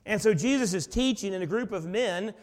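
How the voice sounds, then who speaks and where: Casting: male pastor with a high voice, dramatic storyteller, heard in a big echoing sanctuary. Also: brisk. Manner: dramatic storytelling, swinging between soft and loud. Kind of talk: sermon. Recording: long reverb of a large hall.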